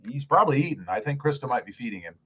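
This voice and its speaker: A man's voice: medium pitch, lively intonation, rapid-fire, fairly bright tone, husky, dull audio. A middle-aged man hosting a casual live stream, reading viewer comments aloud in a friendly, upbeat way.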